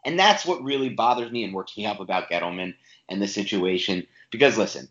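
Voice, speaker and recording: A man's voice: on the low side, fairly quick, fairly bright tone, echoey room. A man co-hosting a sports podcast, ranting emphatically and with frustration in casual talk. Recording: dull lo-fi audio.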